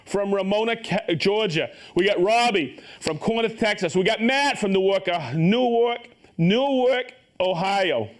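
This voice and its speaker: Lively upbeat man hosting a live stream. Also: high voice. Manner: upbeat, reads viewer names and places, jokes and stumbles on pronunciations. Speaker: host of a live tool show. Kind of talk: live-stream shout-outs to viewers.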